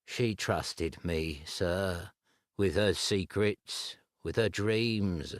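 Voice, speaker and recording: A man's voice: deep voice, no room sound, clean studio sound. A man voicing a timid, grief-stricken young man who halts and stammers. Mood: grieving. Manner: slow, halting, stammering.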